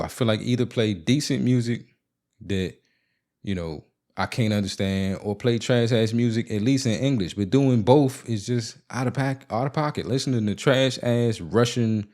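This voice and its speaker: A man with a somewhat low voice hosts his own podcast alone. He vents in a casual monologue, telling stories in a blunt, profane and animated way. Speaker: podcast host. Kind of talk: casual solo monologue, venting.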